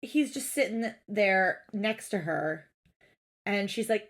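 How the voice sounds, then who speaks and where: A woman's voice: medium pitch, lively intonation, takes it slowly. A woman co-hosting a casual podcast, recapping a show with exasperated swearing and mimicking people's quotes. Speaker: podcast co-host.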